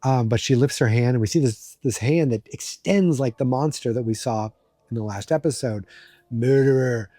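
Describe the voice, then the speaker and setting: A man's voice: medium pitch, normal speed, mellow, no echo, clean studio sound. A man hosting a podcast, recapping an episode in a rambling, joking way with many fillers. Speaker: podcast host.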